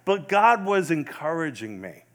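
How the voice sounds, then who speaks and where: A man telling an earnest testimony story, repeating phrases and dropping soft for emphasis. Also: on the high side, big pitch swings, a little slow.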